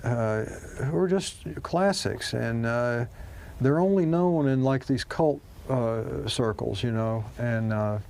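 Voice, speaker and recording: A man from the American South, a guest actor chatting casually, rambling and wry with many pauses and fillers. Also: medium pitch, darkish tone. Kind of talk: casual chat.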